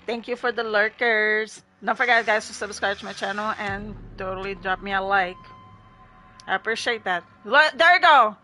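Giggly woman streamer, bright voice. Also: on the high side, a little hiss or hum. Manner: giggly, chatty, thanks chat often. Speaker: game streamer. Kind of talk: casual livestream chat.

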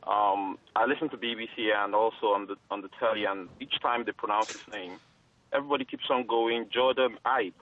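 A man's voice: lowish voice, fairly quick. A man calling in to a radio phone-in, polite and hesitant with many ums. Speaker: phone-in caller. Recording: tinny phone line.

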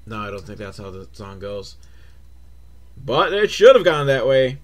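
A man's voice: fairly low pitch, very animated, measured pace. A man hosting a comedy podcast, recapping a children's movie with sarcastic, mocking commentary and sing-song mimicry. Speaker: podcast host.

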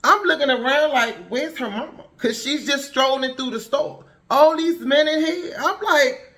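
A woman's voice: high-pitched, moderate pace, a bit bright. Blunt, preachy woman vlogger sounding off. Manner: preachy, rhetorical and blunt, with slangy asides. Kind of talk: impassioned casual commentary monologue.

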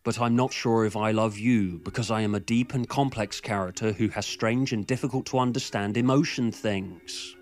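A man voicing the Doctor as a pompous, self-absorbed hero in a deliberately silly fan retelling. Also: fairly low pitch, voice pushed down, close to an everyday voice. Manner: grandly self-absorbed, flatly declaiming. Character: pompous self-important male time-travelling hero.

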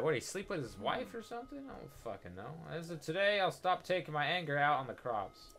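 A man's voice: on the high side, big pitch swings, a little fast, few pauses, fairly bright tone. A young man giving casual, joking commentary over his game playthrough, sarcastic and profane. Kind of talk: casual let's-play commentary.

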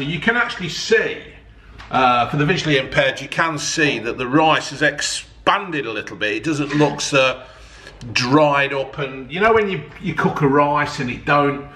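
A man's voice: on the high side, bright, forceful tone, far from the mic. Chatty man reviewing food. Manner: chatty, swears casually, joking. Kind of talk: casual food review chat. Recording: roomy sound from off the mic, faint noise.

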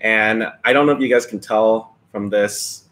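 A man's voice: fairly low pitch, steady tone, normal speed, a bit bright. A man co-hosting a live eating stream, chatting casually and teasing his partner while greeting viewers by name indoors. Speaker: mukbang live-stream co-host. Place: indoors, lights dimmed behind.

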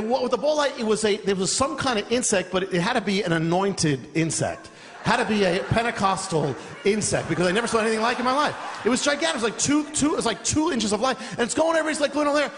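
A man preaching a sermon, telling a story with energy and laughing as he goes. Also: high voice. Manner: animated, laughing through a funny story. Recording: long reverb of a large hall.

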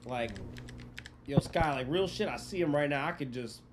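A man's voice: on the high side, moderate pace, very noisy. A man streaming a roleplay game, chatting casually, swearing freely and explaining rules to other players. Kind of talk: casual livestream chat.

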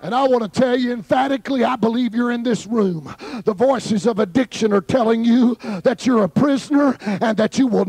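High-voiced gravelly man preaching fervently. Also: dry recording. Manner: fervent, shouting in bursts. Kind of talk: Pentecostal sermon. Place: youth camp service.

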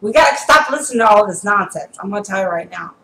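Fervent preaching woman, bright voice. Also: mid-range voice, expressive, fast talker, echoey room, slight background noise, poor audio. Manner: fervent, preachy, repeats "I'm gonna tell you right now". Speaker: prophetess. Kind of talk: home sermon. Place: at home.

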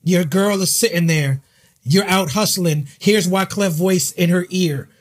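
A man's voice: sits high, a little slow, breathy edge. A man hosting an interview, asking enthusiastic questions and affirming often. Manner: warm-hearted, enthusiastic questioner who affirms a lot. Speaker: podcast host. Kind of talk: interview conversation.

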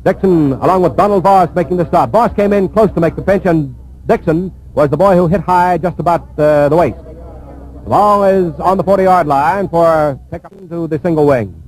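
A man giving live radio play-by-play of a football game, calling each play in a brisk, steady flow. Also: a little high, low-quality recording. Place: press box at a stadium.

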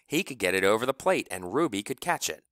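A man narrating a novel with expressive storytelling. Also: on the low side, quick pace, dry recording, clean studio sound. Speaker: audiobook narrator. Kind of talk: scripted narration.

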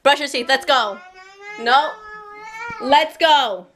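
A woman's voice: sits high, slow, background noise. A young woman filming a casual family vlog at home at night, playful and teasing, laughing often. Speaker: vlogger.

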